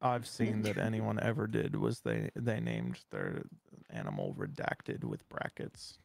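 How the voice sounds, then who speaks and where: A man joking in a dry, deadpan way while hosting a casual gaming stream. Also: sits low, unhurried, vocal fry. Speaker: stream host.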